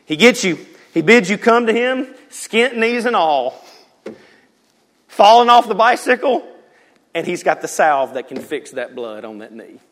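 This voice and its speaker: A pastor preaching a sermon in a church, swinging from loud emphasis to hushed near-whispers and acting out quotes. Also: male voice, sits high, very animated, unhurried. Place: church sanctuary.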